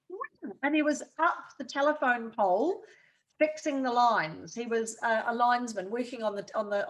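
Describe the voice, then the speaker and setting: A woman's voice: a little high, fairly bright tone. A woman with a New Zealand accent, a guest in an interview, telling chatty stories and laughing often. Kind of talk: casual interview chat.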